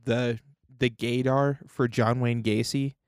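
A man co-hosting a relaxed podcast chat who keeps adding quick wisecracks and asides. His voice has a medium pitch. It is recorded close and dry. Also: smooth, no echo. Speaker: podcast co-host. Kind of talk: casual chat.

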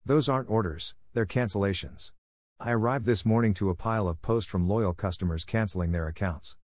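A man voicing a reproachful business partner who lectures in a low, plain voice. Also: fairly quick, a little mellow, no echo, lightly acted.

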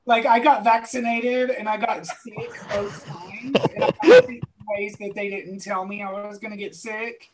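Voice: medium pitch, animated, moderate pace, few pauses, a crowd in the background, low-quality recording. A speaker in a casual podcast chat, chatty and rambling.

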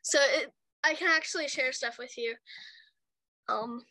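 A young woman chats casually in a high, bright voice, telling rambling stories and giggling between lines. She acts out what people said as she goes. The sound is dry and close. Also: measured pace, dry recording. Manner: giggly, rambling storyteller who acts out quotes. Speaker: chat partner. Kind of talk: casual chat.

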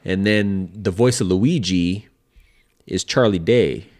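A man's voice: low-pitched, slow, darkish tone. A man co-hosting a podcast in casual chat, swearing freely and rambling with many fillers. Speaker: podcast co-host.

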